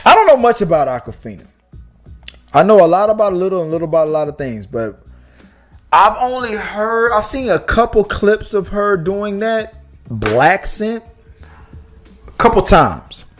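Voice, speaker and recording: A man co-hosting a movie podcast, talking casually in an animated, rambling way with lots of restarts and fillers. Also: high-pitched, moderate pace, long pauses, soft background music. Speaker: podcast co-host.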